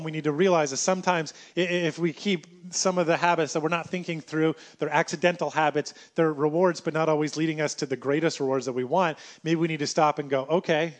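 A man preaching a sermon in an animated way, acting out everyday scenes as he talks. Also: fairly high pitch.

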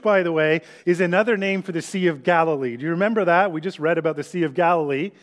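Male pastor, slightly high voice, storytelling sermon delivery with hushed scripture readings.

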